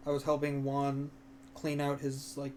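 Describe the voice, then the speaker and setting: A man's voice: medium pitch, monotone, a little slow, darkish tone, slight background noise. A young man chatting casually as a stream co-host, telling long rambling stories full of fillers and crude words. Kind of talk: casual chat.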